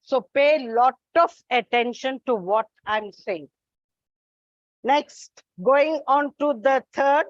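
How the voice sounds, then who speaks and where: Teaching English at an unhurried pace, a woman with a high voice works through a string of examples, repeating them deliberately and calling her pupils children. The audio sounds close, dry and dull, with a lo-fi feel and no echo.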